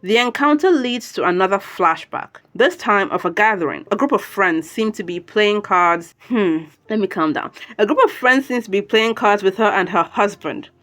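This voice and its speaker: A woman recording a casual spoken recap at home, chatty and animated, often breaking off with laughs and asides. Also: medium pitch, moderate pace, hardly any pauses, soft background music. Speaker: video commentator.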